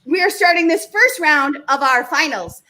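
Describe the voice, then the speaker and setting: A woman with a high, bright voice hosts a live comedy show. She reads joke headlines and banters with the panel in a bubbly, giggly way that keeps breaking into laughter. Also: animated, normal speed, poor audio. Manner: bubbly, giggly, self-interrupting. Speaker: host.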